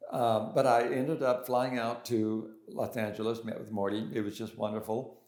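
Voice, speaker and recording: An older man speaks as an interview guest, recalling his past in a relaxed, halting way. He restarts his sentences often and fills the gaps with little hesitations. His mid-range voice carries a noticeable room echo. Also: mid-range voice. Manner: hesitant, many restarts and fillers. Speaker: interview guest, pianist and composer. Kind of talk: casual storytelling in an interview. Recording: roomy echo.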